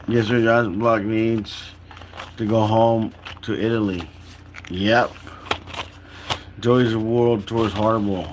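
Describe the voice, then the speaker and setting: A man's voice: on the low side, background noise. Tired, rambling young man on a stream. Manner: rambling, full of "like" and restarts. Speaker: livestreamer. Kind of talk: casual rambling livestream chat.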